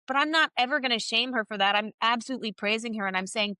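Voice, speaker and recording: Podcast guest, woman, 30s, bright and forceful, open and emphatic, dry recording. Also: on the high side, fast talker, no room sound. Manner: open and emphatic, animated with swearing. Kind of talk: candid interview conversation.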